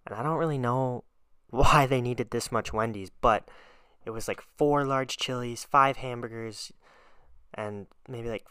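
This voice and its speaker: A man hosting a podcast alone, telling casual stories in a chatty, animated way and laughing often. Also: medium pitch, unhurried, clean tone, no echo, clean studio sound. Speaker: podcast host. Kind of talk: casual storytelling monologue.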